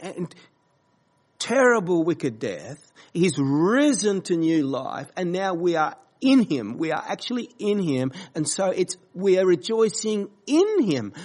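Male pastor, slightly high voice, slow halting earnest delivery. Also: darkish tone. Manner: slow, halting, earnest preaching with many fillers. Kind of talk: sermon.

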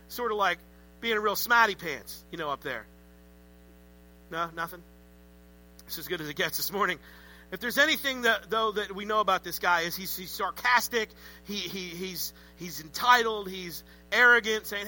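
A man preaching a sermon in a conversational, animated way with joking asides. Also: sits high, moderate pace, soft background music, low-quality recording. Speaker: pastor.

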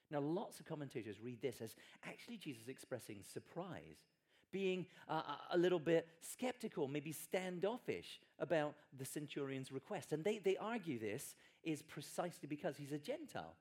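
A man's voice: fairly high pitch, big pitch swings, moderate pace, darkish tone. A man preaching a sermon in a conversational, emphatic way with wry asides.

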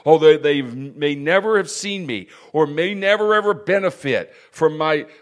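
A man's voice: a little high, moderate pace. A man preaching a sermon, peppering his speech with "praise God" and "amen" and building to fervent emphasis.

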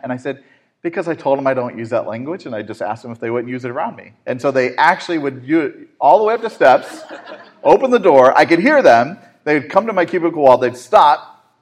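A man hosting a faith-based talk show, telling a story in a lively way with frequent fillers. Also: on the high side. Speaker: host.

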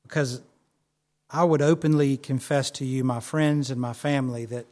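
A man preaching a sermon, telling a personal story in a conversational way with fillers, then slowing and softening into prayer. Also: medium pitch, steady tone. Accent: not local to the church's area. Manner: softer and slower when praying. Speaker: pastor.

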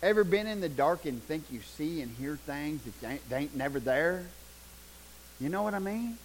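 An older man preaching a sermon, telling folksy stories, loud one moment and hushed the next. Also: on the high side, moderate pace, slight background noise, poor audio. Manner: folksy, animated, shouts punchlines, drops to hushed tones. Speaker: pastor. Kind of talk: sermon with storytelling.

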